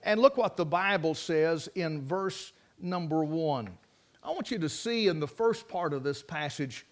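A man's voice: on the high side, animated, a little slow. A man, preaching a sermon in a folksy, rambling, plainspoken way full of stories. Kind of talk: sermon with storytelling.

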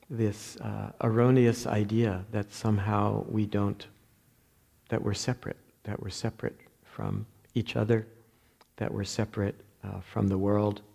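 Male Zen teacher with a New Jersey accent, low husky voice, unhurried reflective dharma talk full of pauses and restarts. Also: little pitch movement, dark tone. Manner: halting, reflective, many fillers and restarts.

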